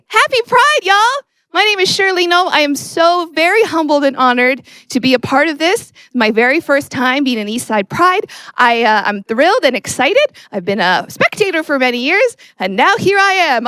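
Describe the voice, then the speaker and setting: A woman doing a musical comedy set with deadpan, self-mocking asides as she introduces her songs. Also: high-pitched, normal speed, no room sound. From Canada. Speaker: comedy singer. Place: stage filmed without audience. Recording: with guitar music behind. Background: acoustic guitar.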